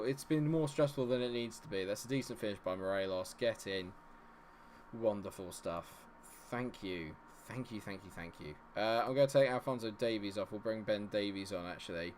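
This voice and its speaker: A young man chats with his audience as he streams a football management game, veering between celebrating goals and agonizing over results. His voice is lowish and darkish, a little fast, with some background noise.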